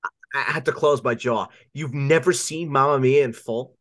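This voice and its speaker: A man's voice: mid-range voice, normal speed, fairly bright tone, no echo, clean studio sound. A man co-hosting a casual fantasy football podcast, teasing his partner in a playful way. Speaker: podcast co-host.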